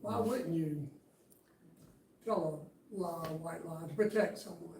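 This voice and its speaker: High-voiced, mellow man in a class. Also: a little slow. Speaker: class member.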